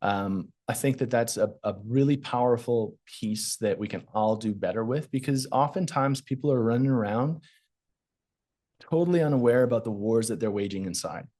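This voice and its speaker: A man guesting on a podcast as a performance coach, talking in an energetic, emphatic, motivational way. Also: medium pitch, normal speed. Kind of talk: casual conversational interview.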